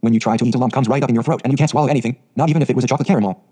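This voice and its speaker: Guy reading as a chatty dreamy orphan girl, fast and mellow, husky edge, storybook. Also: mid-range voice, natural voice. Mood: despairing. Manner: dreamy, gushing, dramatic phrasing. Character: eager talkative orphan girl of eleven.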